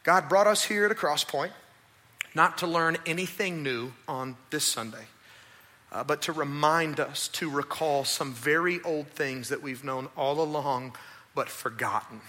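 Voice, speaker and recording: A male pastor preaching a sermon at a church service, animated and acting out voices. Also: a little high, a little slow. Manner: animated, acts out voices and asides.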